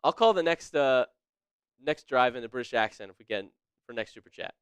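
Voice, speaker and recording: Man, live sports stream co-host, excitable, lively pitch, smooth clear voice, dry close mic. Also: brisk, no room sound. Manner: excitable, laughs often, reads chat names aloud. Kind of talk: casual live-stream play-by-play chat.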